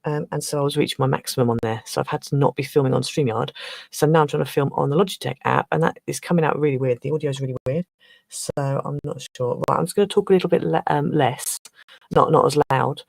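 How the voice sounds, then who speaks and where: Flustered chatty woman, gravelly edge. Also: low-pitched, quick pace, a little mellow, no room sound, rough recording. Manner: chatty, flustered, trailing off and restarting. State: slightly rough throat. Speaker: craft livestream host. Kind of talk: casual livestream chat.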